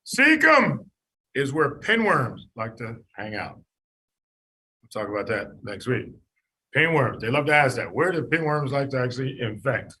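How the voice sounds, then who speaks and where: A man lecturing a class on medicine, animated and jokey, quizzing students by name. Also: medium pitch, a little hiss or hum. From United States.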